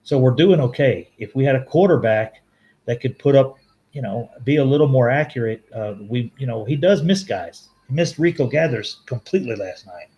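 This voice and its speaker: Guy rambling on a live stream, restarts a lot, corrects himself, chatty with viewers, mid-pitched voice. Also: animated, warm tone, lo-fi sound. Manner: rambling, halting restarts, frequent self-corrections; laughs easily, chats with viewers. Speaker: fan show host reading live chat. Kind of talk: casual live-stream sports talk.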